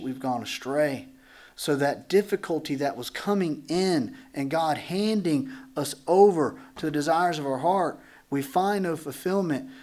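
Animated pastor teaching a congregation. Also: male voice, fairly high pitch. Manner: animated, acts out dialogue, jokes with the congregation. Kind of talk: conversational Bible teaching. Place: church.

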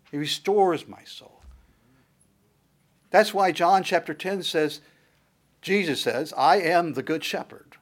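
Preaching a sermon, a middle-aged pastor with a voice on the high side builds his points through repeated rhetorical questions. His delivery keeps a steady preaching cadence.

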